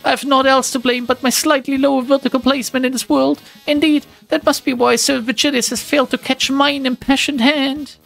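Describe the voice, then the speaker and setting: A man's voice: extremely high pitch, flat delivery, fairly quick, creaky, few pauses, fairly bright tone, soft background music, voice pushed up, full character voice. A man voicing a theatrical young woman knight who speaks in grandiose, old-fashioned phrases in a raised voice.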